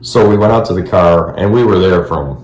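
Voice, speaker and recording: Low-voiced man co-host, relaxed storyteller who chuckles mid-sentence, roomy echo around him. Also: brisk. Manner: laid-back, laughs while telling stories. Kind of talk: casual chat.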